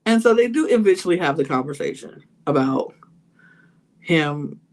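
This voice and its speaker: A podcast host casually recaps a reality show, peppering her talk with "like" and "you know" and acting out what people said. Her voice sits low and is gravelly and expressive, at a moderate pace.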